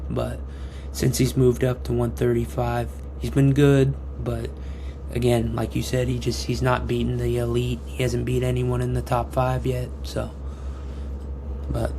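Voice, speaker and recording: A man breaks down fights in a calm, hedging way. His voice is very flat and gravelly, and the recording carries clear background hiss. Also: medium pitch. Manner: measured, hedging opinions. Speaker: podcast host. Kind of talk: casual MMA analysis.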